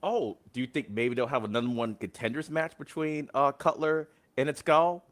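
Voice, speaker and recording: A man's voice: medium pitch, moderate pace, crowd noise. A man hosting a casual wrestling podcast, who laughs often and acts out quotes in big voices. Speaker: podcast host.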